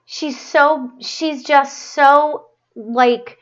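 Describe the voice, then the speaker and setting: A woman hosting a live spiritual stream, giving a psychic reading in a rambling, halting way with many fillers and restarts, and a gushing, affectionate tone. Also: sits high, steady tone, highs cut off. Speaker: medium hosting a live show.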